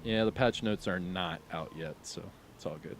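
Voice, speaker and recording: Middle-aged male streamer, slightly low voice, relaxed rambling chat with viewers. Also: normal speed, vocal fry, a little hiss or hum. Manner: laid-back, rambling, many fillers. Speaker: gaming live streamer. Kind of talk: casual live-stream chat, reading viewer questions.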